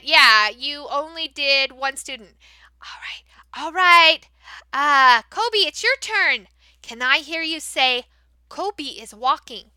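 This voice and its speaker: A woman teacher demonstrating how to run a class for young learners, switching between explaining to other teachers and modeling big, excited praise for kids. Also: high-pitched, no echo. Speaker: teacher trainer. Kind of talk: training demo, modeling classroom talk.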